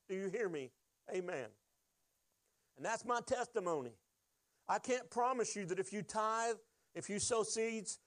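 High-voiced preacher telling a testimony. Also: male voice, no room sound. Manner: earnest storytelling, emphatic and drawn-out on key phrases. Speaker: pastor. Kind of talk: sermon with personal testimony.

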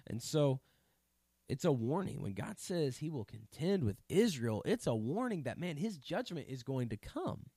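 A man leading a casual Bible study, explaining verses in a conversational, animated way. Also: fairly high pitch, normal speed, breathy edge, dry recording, studio quality. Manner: conversational, animated, paraphrases scripture in everyday speech. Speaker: Bible teacher.

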